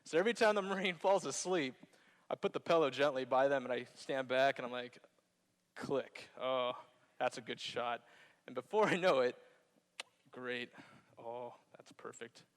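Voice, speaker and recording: A man's voice: mid-range voice, moderate pace. Man veteran, playful staged storytelling, long hall reverb. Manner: playful, jokey, acts out scenes. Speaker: Marine veteran telling his story on stage. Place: theater stage.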